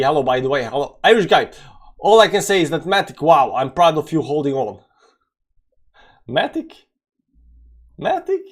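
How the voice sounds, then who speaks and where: A young man hosting a daily live-streamed market show, chatting casually, greeting viewers by name and filling pauses with "you know". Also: mid-range voice. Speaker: crypto market show host.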